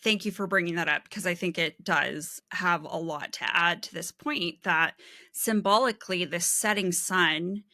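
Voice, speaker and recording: A woman's voice: fairly low pitch, moderate pace, pushed and bright, no room sound, clean studio sound. A woman co-hosting a book podcast over a video call, laying out careful analysis and reading quotes aloud. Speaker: podcast co-host. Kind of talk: casual book discussion.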